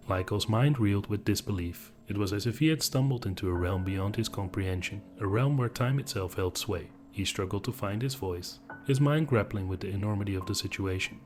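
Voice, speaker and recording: Low-voiced man narrating horror stories. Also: brisk, few pauses, slight background noise. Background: background music.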